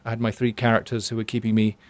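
A middle-aged man recounting an ocean voyage in a reflective, halting way, often restarting words. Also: on the low side, monotone, dry recording. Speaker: ocean adventurer. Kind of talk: recounting a story in an interview.

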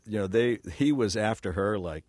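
With a low-leaning, darkish voice at normal speed and no room sound, this older working actor rambles through self-deprecating anecdotes. The casual interview is loaded with fillers and false starts.

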